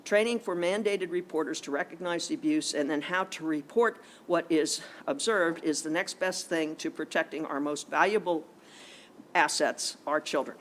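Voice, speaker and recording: A man's voice: on the high side, normal speed, fairly bright tone, slight background noise. A man testifying before a legislative committee, out of breath, moving from a read statement into rambling talk full of restarts and fillers. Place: legislative committee hearing room.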